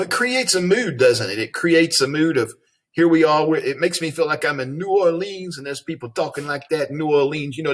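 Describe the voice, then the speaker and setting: With a somewhat high, breathy voice, this Southern-accented man from Tennessee walks through a reading lesson. He keeps it folksy, laying out an explanation before posing leading questions.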